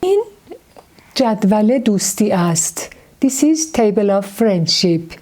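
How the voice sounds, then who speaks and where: A woman with a Persian accent teaching a beginner Persian lesson, speaking slowly and patiently and repeating each word. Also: mid-range voice, big pitch swings, darkish tone. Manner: slow, patient, repeats words and letter names. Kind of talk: slow beginner language lesson.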